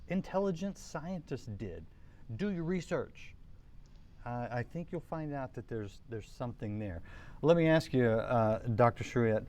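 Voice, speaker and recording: A man's voice: medium pitch, a little mellow. A man hosting a Christian talk show, introducing his guest and asking questions with short affirming responses.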